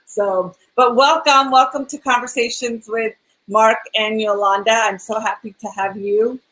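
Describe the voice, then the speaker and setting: A woman's voice: on the high side, steady tone, a little slow, a bit bright, poor audio. A woman co-hosting a casual interview show, chatty and laughing often. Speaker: talk show co-host. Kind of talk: casual video-call interview.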